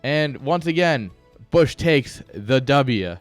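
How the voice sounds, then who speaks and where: A male game caster at an ordinary mid pitch chats loosely on a live stream, wandering between jokes and game calls and swearing freely. He's expressive and takes it slowly, with faint music playing underneath.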